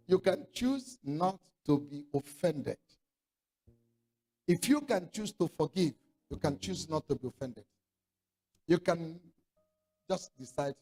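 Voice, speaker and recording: A man's voice: fairly high pitch, lively intonation, a little slow, long pauses, a little mellow, soft background music. A man preaching a sermon, emphatic, repeating his points and calling for response from the congregation.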